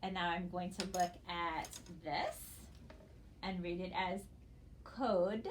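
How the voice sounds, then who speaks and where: A woman's voice: lowish voice, level tone, a little hiss or hum. Patient woman teaching phonics. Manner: slow, patient, spells out letters one by one. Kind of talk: recorded phonics lesson for students.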